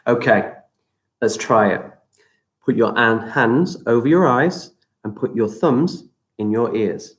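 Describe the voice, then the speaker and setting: A man teaching children breathing exercises during a live stream, giving slow, gentle, step-by-step instructions. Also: mid-range voice. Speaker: primary school teacher. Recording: echoey room.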